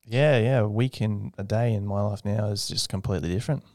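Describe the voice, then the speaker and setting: A man's voice: brisk, no echo, clean studio sound. Young man telling a story. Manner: animated storyteller, mimics others in a high voice. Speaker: aerospace engineer guest. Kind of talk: casual interview conversation.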